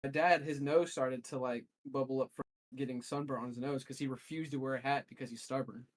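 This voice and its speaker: A man's voice: medium pitch, steady tone, fairly quick. A man telling a long, rambling story as a co-host in a casual podcast chat. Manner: rambling storyteller, restarts often.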